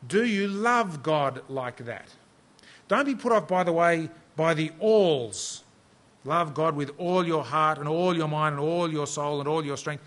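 A middle-aged man from Australia delivers a sermon with a slightly raised pitch. He talks in an easy, conversational way, mixing self-deprecating stories into his preaching. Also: unhurried, fairly bright tone.

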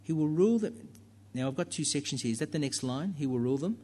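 A man's voice: a little high, lively intonation, quick pace, few pauses, warm tone. Man preaching a conversational sermon. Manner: conversational preaching with fillers and asides to the congregation.

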